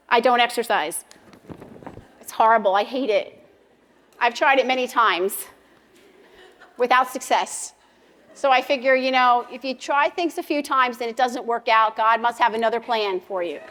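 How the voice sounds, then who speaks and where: A woman's voice: high-pitched, moderate pace, pauses often, a bit bright. A woman speaking to a church ladies' meeting in a chatty, self-deprecating devotional talk, joking with her audience. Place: church sanctuary. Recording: long reverb of a large hall.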